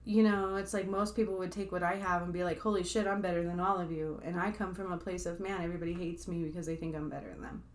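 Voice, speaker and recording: Chatty woman with a low voice. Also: steady tone, quick pace, hardly any pauses. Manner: chatty, rambling, with frequent fillers and asides to viewers. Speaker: spiritual healer addressing viewers. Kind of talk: casual talk to camera.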